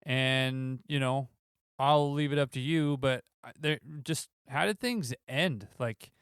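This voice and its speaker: A man hosting a podcast, asking relaxed, rambling questions with plenty of "kinda" and "you know". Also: medium pitch, takes it slowly, smooth, no room sound, studio quality. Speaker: podcast host. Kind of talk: conversational interview questions.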